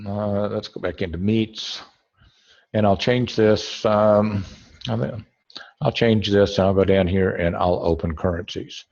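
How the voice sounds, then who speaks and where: A man's voice: on the low side, steady tone, a little slow, vocal fry, darkish tone, highs cut off. A man teaching a trading webinar over a screen share, rambling and correcting himself as he thinks aloud.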